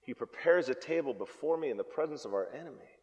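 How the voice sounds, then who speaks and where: A man preaching a sermon as pastor, telling jokey stories and swinging between loud and hushed delivery. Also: medium pitch, expressive, fast talker, husky. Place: church hall. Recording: long reverb of a church hall.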